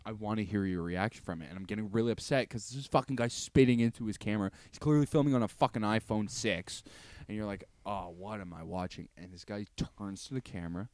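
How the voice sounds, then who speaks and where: A man's voice: on the low side, a little mellow, no echo. A man co-hosting a podcast in casual chat, telling stories with lots of swearing and laughter. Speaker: podcast co-host.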